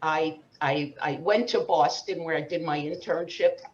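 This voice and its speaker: A woman's voice: low-pitched, measured pace, echoey room, muffled recording. An older woman from Brooklyn with a Brooklyn accent, telling bawdy stand-up jokes at an open mic with Yiddish slang. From Brooklyn, New York. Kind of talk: stand-up comedy set.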